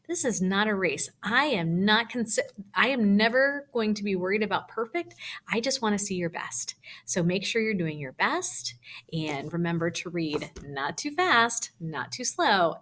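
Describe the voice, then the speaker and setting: A woman's voice: mid-range voice, a bit bright. A woman teacher giving a reading lesson to young children, patient and encouraging as she explains reading pace.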